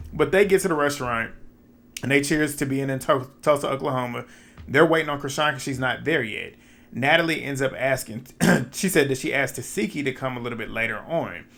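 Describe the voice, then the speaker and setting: A man's voice: medium pitch, brisk, gravelly, a bit bright. A man hosts a laid-back recap of a reality series. He is chatty and opinionated, often laughing and speaking straight to his audience as if among friends. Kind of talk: casual recap commentary.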